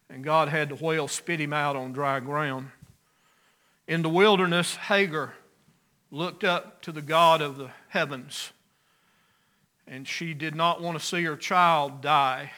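A pastor preaching a sermon, earnest, rising loud on key phrases and dropping soft. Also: male voice, on the high side, fairly even intonation, measured pace.

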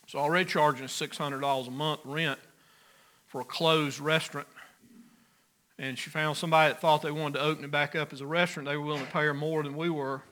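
A pastor preaching a sermon, earnest, rising loud on key phrases and dropping soft. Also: male voice, fairly high pitch, steady tone, fast.

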